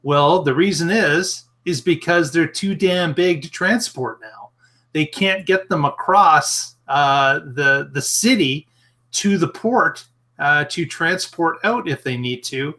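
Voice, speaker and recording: A man's voice: fairly high pitch, lively intonation, slow, sharp tone. A man co-hosting a podcast, explaining news in casual chat and laughing easily. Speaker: podcast co-host.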